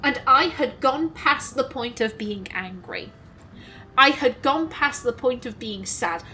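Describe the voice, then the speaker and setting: A woman telling a personal story in an emotional, halting way. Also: on the high side, expressive, sharp tone, a little hiss or hum, rough recording. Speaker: gaming channel host.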